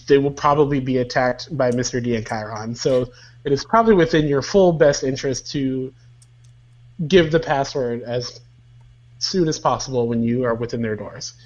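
A man of medium pitch playing his character in a tabletop game. He rambles and hesitates, chuckling as he goes. His mic sounds somewhat dull and lo-fi. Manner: rambling, halting, chuckles through lines. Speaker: player. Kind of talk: in-character tabletop play over a voice call.

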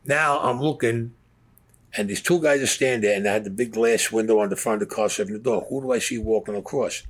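A man's voice: medium pitch, fairly quick. An older man telling his own crime story in an interview, in blunt, profane street talk. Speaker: former mobster interviewee.

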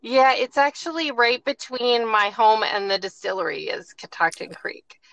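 Bright-voiced woman explaining her whiskey craft. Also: on the high side, moderate pace. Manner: relaxed, explanatory, with many fillers. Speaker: distiller, guest. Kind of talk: conversational interview answers.

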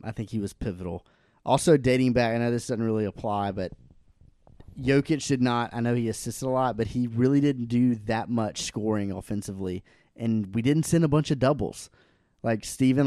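A man co-hosting a casual sports podcast, relaxed and agreeable, thinking out loud. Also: medium pitch, normal speed, no echo, clean studio sound. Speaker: podcast co-host.

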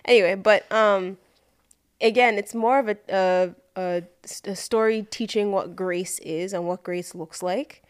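A woman co-hosting a casual faith podcast, blunt and joking, with quick asides. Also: medium pitch, fairly even intonation, clean tone, no echo, studio quality. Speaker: podcast co-host.

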